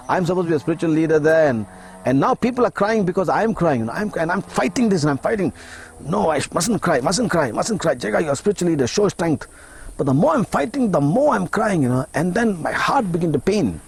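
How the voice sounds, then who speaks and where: A middle-aged man from Malaysia, an interview guest recounting a personal story in an emotional, halting way, acting out his own thoughts. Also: fairly high pitch, gravelly, a little mellow.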